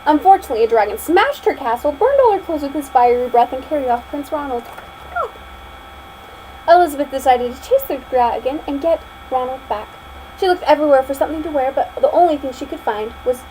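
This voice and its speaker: A woman's voice: high voice, a little fast, a little hiss or hum, poor audio. A young woman reading a picture book aloud as a student, telling it expressively and then chatting casually about it. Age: young adult. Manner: expressive storytelling, chatty afterward. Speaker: student reader.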